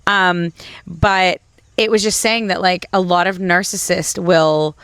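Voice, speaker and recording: A woman's voice: fairly low pitch, steady tone, unhurried, fairly bright tone, clean tone, no room sound. A middle-aged woman co-hosting a podcast, talking candidly and casually with plenty of fillers. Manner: candid, conversational, many fillers. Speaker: podcast co-host. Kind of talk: casual chat.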